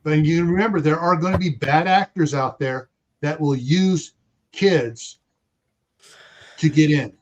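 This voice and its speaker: A man with a notably high voice talks casually as a podcast guest. He rambles and often restarts his sentences while he reasons aloud. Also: measured pace, pauses often, lo-fi sound.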